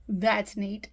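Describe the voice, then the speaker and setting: A woman's voice: mid-range voice, rough recording. A woman vlogging casually from her home workspace, chatting and thinking aloud as she works on a resin piece, often breaking off mid-sentence. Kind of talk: casual chat while working.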